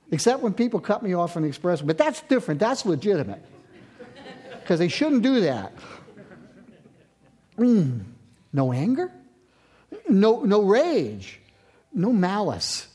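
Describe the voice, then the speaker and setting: A man's voice: high-pitched, mellow. A middle-aged man from central Pennsylvania preaching a sermon, with self-mocking asides and rising passion. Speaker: pastor.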